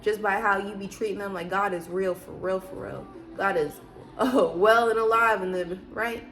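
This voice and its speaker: Woman vlogger, mid-pitched, chatty faith talk full of fillers and emphatic rhetorical questions. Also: steady tone, moderate pace, fairly bright tone, soft background music. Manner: loose, chatty, frequent fillers. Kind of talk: casual faith talk to camera.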